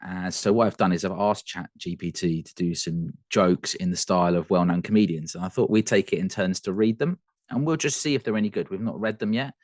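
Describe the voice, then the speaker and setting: A man in casual podcast chat about whisky, talking in a fairly low voice. He laughs often and trips over restarts as he goes. The sound is dry and close, with no room around it. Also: brisk, darkish tone, no echo. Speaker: podcast co-host.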